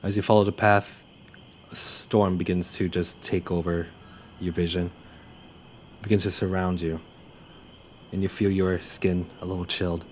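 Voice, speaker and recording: Young male game master, very low voice, halting narration full of fillers, faint noise behind. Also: flat delivery, a little mellow.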